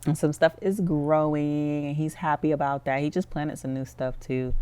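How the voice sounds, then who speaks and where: A woman's voice: low voice, steady tone, normal speed, mellow, clean tone. A woman giving casual gameplay commentary, telling the story in a chatty way full of "like". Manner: chatty storytelling, heavy use of "like".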